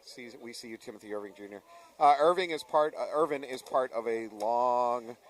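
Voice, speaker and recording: A man calls paintball action as it happens, reacting quickly and teasing his co-host between plays. He sits back from the microphone, so his voice comes across slightly distant. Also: medium pitch. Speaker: play-by-play commentator. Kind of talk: live paintball commentary.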